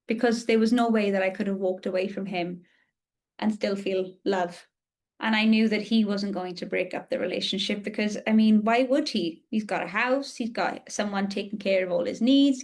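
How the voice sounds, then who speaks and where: A woman's voice: mid-range voice, gravelly. A woman in her thirties, a podcast host telling a personal story in a candid, confessional and emotionally open way.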